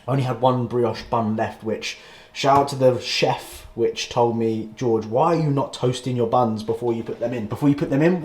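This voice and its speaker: A man's voice: mid-range voice, a little mellow, reverberant, slight background noise. Sweary young man rambling. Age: 20s. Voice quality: swears a lot, rambling and cheeky. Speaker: fitness vlogger. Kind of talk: casual vlog chat. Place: home kitchen.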